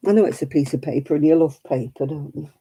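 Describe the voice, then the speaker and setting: A woman's voice: low-pitched, fast, dark tone, breathy edge. A middle-aged woman chatting casually while knitting on a crafting livestream, cooing baby talk to her dog in between.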